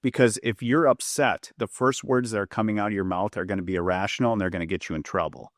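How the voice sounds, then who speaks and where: A man's voice: fairly low pitch, quick pace, dry recording, clean studio sound. A man, a public safety trainer and former police officer, explaining points in a podcast interview and acting out quoted lines to show tone, with an Upper Midwest American accent.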